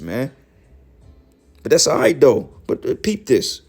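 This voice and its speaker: An online street preacher, a man with a mid-range, slightly rough voice, delivers fiery and profane commentary, scolding listeners and quoting scripture. His pitch swings hugely, his pace is measured with frequent pauses, and he rises to shouts.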